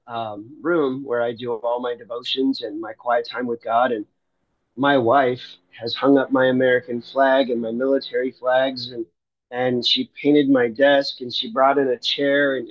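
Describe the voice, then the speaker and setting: A man's voice: mid-range voice, no echo, highs cut off. A middle-aged man sharing a personal faith testimony in a loose, rambling storytelling way, often restarting his sentences. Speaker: Christian livestreamer and foster parent.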